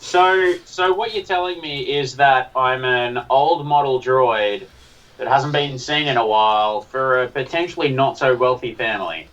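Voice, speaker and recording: A man's voice: mid-range voice, fairly bright tone. A man chatting casually as a player in a tabletop role-playing game, joking and laughing along. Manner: jokey, quick to laugh. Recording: dull lo-fi voice chat.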